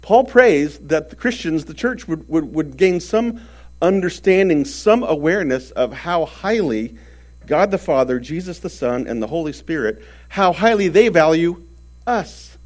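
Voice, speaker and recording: A man preaching a sermon earnestly, stressing words and swinging between loud and soft. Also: on the high side, lively intonation, measured pace.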